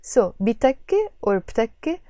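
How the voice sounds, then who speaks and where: Patient woman teaching, mellow voice. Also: fairly high pitch, very animated, no echo, studio quality. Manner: patient, repeats phrases slowly. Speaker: language teacher. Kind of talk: explanatory language lesson.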